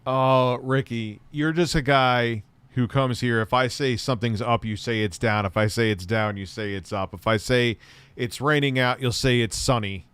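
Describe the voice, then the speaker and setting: A man's voice: medium pitch, steady tone, normal speed, fairly bright tone, clean tone, no room sound. Rambling, crude middle-aged man streaming. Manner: rambling, crude joking, talks to chat. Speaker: tech streamer. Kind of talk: live-stream banter.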